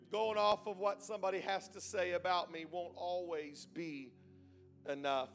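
A man preaching a sermon in a church, moving from a quiet, hesitant start to loud, shouted emphasis. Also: high-pitched, steady tone, moderate pace, soft background music.

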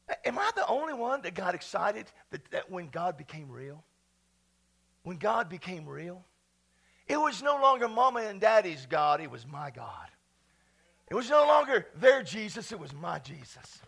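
A middle-aged man preaching with exuberant energy. His voice sits very high and swoops widely. It has a gravelly, husky edge. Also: big pitch swings, moderate pace. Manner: exuberant, shouting and laughing between quiet asides. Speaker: pastor. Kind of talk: energetic sermon.

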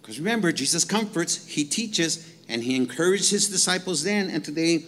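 A man in the pulpit preaches with animated energy, his voice sitting a little high for a man. He slows right down to read scripture aloud, then speeds back up to talk straight to the congregation. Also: in a large hall, a little hiss or hum. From Mexican heritage. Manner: animated preaching, reads scripture slowly, asks "right?" to the crowd. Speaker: pastor. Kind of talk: sermon.

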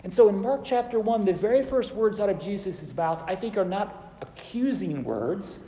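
A man's voice: high voice, animated, normal speed, mellow. A man preaching a sermon in a church, earnest and conversational, sharing anecdotes. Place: church sanctuary. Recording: echoey church hall with long reverb.

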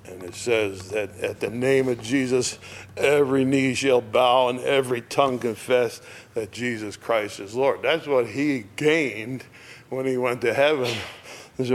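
A man preaching a reflective sermon, lingering over phrases and dropping to a near hush at moments of emphasis. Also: mid-range voice. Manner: slow, reflective, dropping to a hush on key words.

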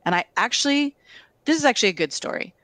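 A woman talking casually, telling stories in a candid, animated way with lots of fillers. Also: fairly high pitch, fast talker, no echo. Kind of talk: casual conversation.

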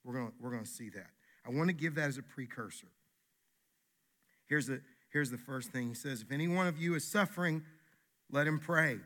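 A man, a pastor, preaching a sermon in an animated, emphatic way, often restarting his words. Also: mid-range voice, a little fast, long pauses.

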